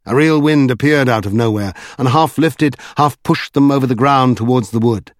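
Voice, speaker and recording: A man narrating a novel aloud in a measured storytelling manner. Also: mid-range voice, dry recording, studio quality. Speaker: audiobook narrator. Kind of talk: scripted narration.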